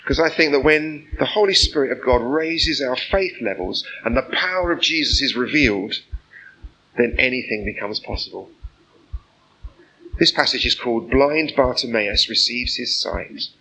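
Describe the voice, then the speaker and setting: A man's voice: medium pitch, expressive, normal speed, sharp tone, a little hiss or hum, low-quality recording. A man preaching an informal sermon, chatty and earnest, often asking the listeners rhetorical questions. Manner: conversational, full of rhetorical questions; personal and earnest.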